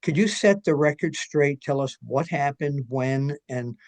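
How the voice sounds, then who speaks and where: A man hosting an interview, asking questions slowly and deliberately, with pauses and hesitations. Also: fairly high pitch, a little mellow. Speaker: interviewer host.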